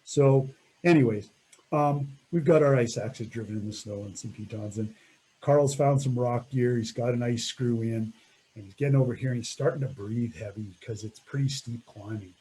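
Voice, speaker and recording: A middle-aged man telling an animated story about a mountain climb, laughing often and acting out what people said. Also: mid-range voice, moderate pace, breathy edge, rough recording. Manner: animated, laughs often, acts out quoted voices. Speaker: mountaineer recounting a first ascent. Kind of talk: storytelling talk.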